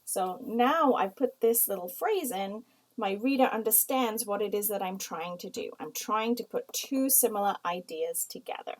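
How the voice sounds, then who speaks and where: A woman from the United States teaching a writing lesson, explaining slowly and reading example sentences aloud. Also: medium pitch, lively intonation, low-quality recording.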